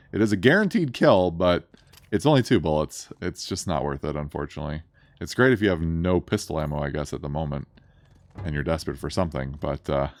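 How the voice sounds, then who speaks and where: A man's voice: low-pitched, dry recording. A man casually commenting on his gameplay with crude, self-amused jokes. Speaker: let's play streamer.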